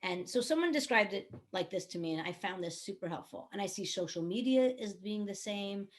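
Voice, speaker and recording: A woman's voice: medium pitch, animated, brisk. A woman who works as a songwriter, producer and coach, explaining her ideas earnestly on an online panel with everyday examples. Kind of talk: panel discussion.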